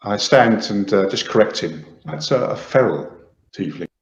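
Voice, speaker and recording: A man taking part in a tabletop game and describing his character's actions. His voice is low for a man, and the sound is roomy. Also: lively intonation, normal speed, lo-fi sound, slight background noise. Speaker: player. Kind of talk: tabletop role-play.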